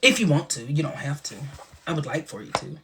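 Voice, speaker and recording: A young man hosting a casual livestream, chatty and animated, who laughs often and sometimes drops into a whisper. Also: a little high, brisk, noisy background. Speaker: livestream host.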